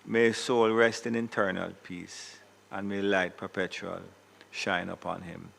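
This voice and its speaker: A man presiding over a legislative chamber, giving a formal parliamentary tribute in a measured way with small self-corrections. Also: low-pitched, level tone, vocal fry, fairly bright tone, rough recording. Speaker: Senate president.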